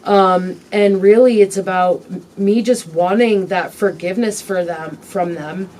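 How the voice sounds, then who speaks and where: A woman as an interview guest, telling her personal story candidly in a halting, reflective way with frequent pauses and ums. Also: medium pitch, a little mellow, recorded from a distance.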